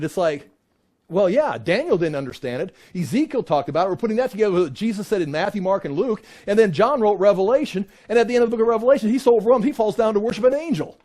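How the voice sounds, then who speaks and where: A middle-aged man teaches a Bible class with a lot of energy. His voice sits high and jumps around a lot in pitch. He slips in sarcastic asides and mock voices as he explains. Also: sing-song, a little fast, darkish tone.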